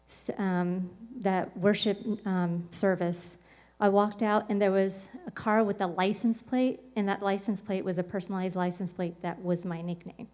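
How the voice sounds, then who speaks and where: A woman talks casually on a podcast, with a voice of ordinary middle pitch. She tells a personal story in a loose, rambling way and fills her speech with "like" and "um". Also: a little mellow. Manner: rambling, full of "like" and "um" fillers. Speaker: podcast speaker.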